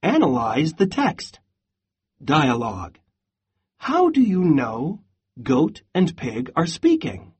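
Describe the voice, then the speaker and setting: Slow reading-lesson narrator, husky voice, lively ups and downs. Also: medium pitch. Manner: slow, clear instructional reading. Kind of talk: storybook read-aloud with reading prompts.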